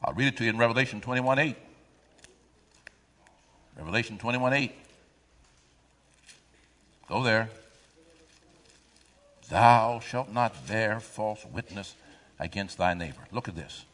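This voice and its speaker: A man preaching a sermon, reading scripture aloud and drawing the congregation in with call-and-response questions and sudden loud swells. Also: on the low side, a little slow, long pauses, in a large hall.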